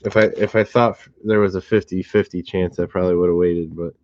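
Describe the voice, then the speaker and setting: A man chatting casually as he opens packs of cards, halting and restarting his sentences in a laid-back way. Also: low-pitched, steady tone, a little mellow, no echo, dull audio. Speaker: card breaker. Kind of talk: casual chat while opening packs.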